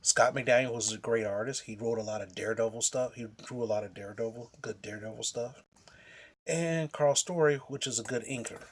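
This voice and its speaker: A man's voice: mid-range voice, a little fast, husky. A man casually telling a rambling, profane story on his comic book vlog.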